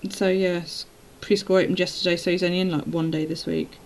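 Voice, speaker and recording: A woman's voice: on the low side, little pitch movement, brisk, slight background noise, rough recording. A woman chatting casually on a live stream while journaling, telling stories and laughing often.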